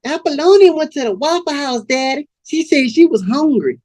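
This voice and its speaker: A man voicing a scared young woman, pleading in a high put-on voice. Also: animated, moderate pace, a little mellow.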